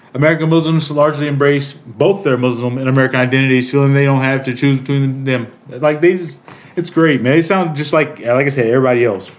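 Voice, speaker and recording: A man in his thirties giving heated political commentary, profane, rambling and indignant. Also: mid-range voice. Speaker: political commentary channel host.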